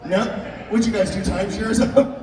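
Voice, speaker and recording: Young male comic, high voice, live set, booming hall reverb. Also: fast. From Italian-American family. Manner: animated, voices jumps up high and shouts in quoted outbursts; crowd work, teasing audience members. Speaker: stand-up comedian. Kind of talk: stand-up comedy set. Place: live comedy venue with audience. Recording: echoey hall recorded from far off, audience noise.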